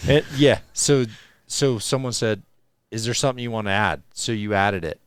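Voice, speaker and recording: Low smooth-voiced guy, rambly and restarting sentences, podcast chat, dry sound. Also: normal speed, dry recording. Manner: rambling, restarting sentences while searching for words. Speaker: podcast guest, archer and bowhunter. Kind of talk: casual podcast conversation.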